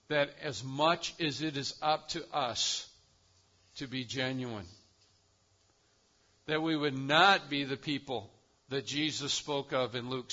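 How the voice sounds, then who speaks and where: A man preaching a sermon, building to loud emphatic swells and dropping to quiet, deliberate lines. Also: medium pitch, dull audio.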